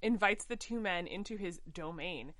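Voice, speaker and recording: A woman's voice: lowish voice, normal speed, fairly bright tone, no room sound. A woman in her thirties co-hosting a chat show, rambling and giggling as she recaps a story. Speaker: podcast co-host. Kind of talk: casual chat summarizing a musical.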